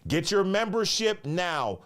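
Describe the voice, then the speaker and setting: A man hosting his channel, talking through video clips in loose, excitable commentary full of swearing and questions to the viewers. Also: sits high, slow pace. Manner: excitable, profane, keeps asking viewers to remember. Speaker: channel host reacting to clips.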